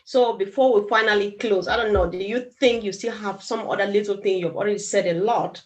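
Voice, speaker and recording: Brief: woman host of a live chat, affirming and chatty, quick to giggle. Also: medium pitch, low-quality recording.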